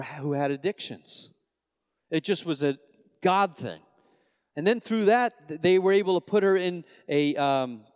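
A man from Long Island, New York, preaching a sermon as pastor. He swings between loud, emphatic lines and soft, low asides, and often restarts his sentences. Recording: long reverb of a large hall.

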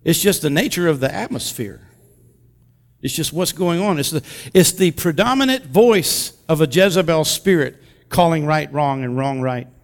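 A man preaching a sermon, swinging between loud, fervent exclamations and hushed, intimate passages as he reads and explains scripture. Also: on the high side, lively intonation, moderate pace, long reverb tail. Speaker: pastor.

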